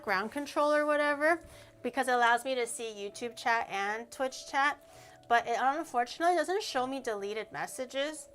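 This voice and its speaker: A woman's voice: a little high, a bit bright. A woman streamer chatting casually with her viewers while baking in her kitchen, playful and teasing as she reacts to chat. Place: home kitchen.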